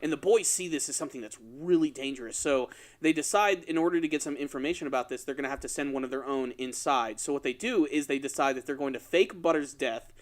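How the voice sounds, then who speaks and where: A man co-hosting a casual podcast, retelling a story with lively energy and putting on quick voices for the characters. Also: on the high side. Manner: animated storytelling, acts out quoted lines in exaggerated voices. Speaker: podcast co-host.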